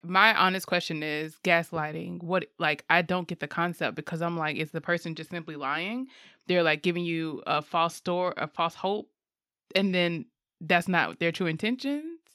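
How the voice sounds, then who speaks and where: A woman's voice: fairly low pitch, moderate pace, bright, forceful tone, no echo, studio quality. A woman in a casual chat, asking curious questions and thinking aloud.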